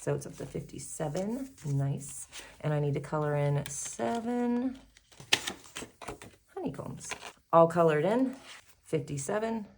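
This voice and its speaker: A woman's voice: low-pitched, animated, measured pace, noisy background. Chatty, slightly breathless woman vlogger. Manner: chatty, upbeat, laughs often, counts aloud. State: a little out of breath. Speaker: savings challenge video host. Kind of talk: casual chat to viewers while doing crafts.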